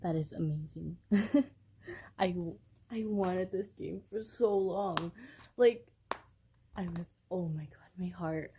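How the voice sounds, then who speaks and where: A young woman films a casual unboxing vlog on a phone she holds herself in an upstairs room at home. She's giddy and giggly, rambling with lots of fillers; her voice is lowish, dark, and slightly rough, at a measured pace with frequent pauses.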